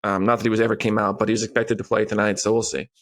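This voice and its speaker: A man co-hosting a sports podcast, giving relaxed, rapid analysis with lots of "like" and "you know" in casual chat. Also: on the low side. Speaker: podcast co-host.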